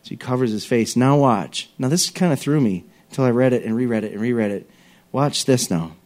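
A male pastor preaching a lively, conversational sermon, dropping to soft tones and acting out voices. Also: medium pitch, a little fast. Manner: conversational, acts out voices, varies loudness.

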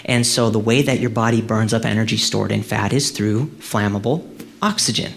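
A man's voice: fairly low pitch, normal speed, creaky. A middle-aged male pastor preaching in a conversational way, full of rhetorical questions and "okay?" checks, climbing to emphatic peaks. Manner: frequent restarts and checks like "okay?" and "right?". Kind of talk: sermon.

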